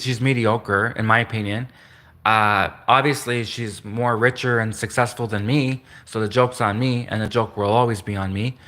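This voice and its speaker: A man hosts a solo livestream, his voice bright and forceful at a middling pitch. He rambles along, restarting sentences and repeating phrases, and now and then chuckles at his own slips. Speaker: livestream host.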